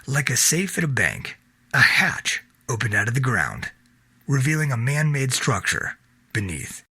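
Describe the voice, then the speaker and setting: Man reading a novel aloud, husky, bright, lively pitch, dry close recording. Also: no room sound. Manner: steady storytelling read. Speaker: narrator.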